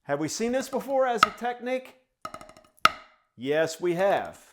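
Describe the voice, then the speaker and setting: A man's voice: high-pitched, big pitch swings, a little slow, over loud music. A man teaching a drum lesson step by step, speaking the rhythms aloud in syllables as he demonstrates them.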